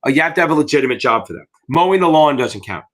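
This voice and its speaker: A man's voice: on the high side, lively intonation, racing, a bit bright. A middle-aged American man teaching exam prep in a live Q&A, blunt and rambling, with frequent swearing.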